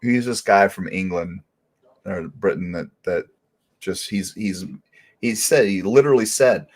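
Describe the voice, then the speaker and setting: A man hosting a casual talk show, telling stories in a rambling, animated way full of restarts. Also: low-pitched, measured pace, husky. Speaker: crime talk show host. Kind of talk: casual chat.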